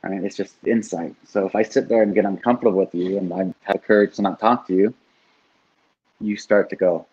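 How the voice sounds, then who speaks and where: Husky low-voiced guy coaching, lively, says "right?" a lot, kinda dull lo-fi audio. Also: a little fast. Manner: animated, swears, keeps asking "right?". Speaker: life coach. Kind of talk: casual podcast conversation.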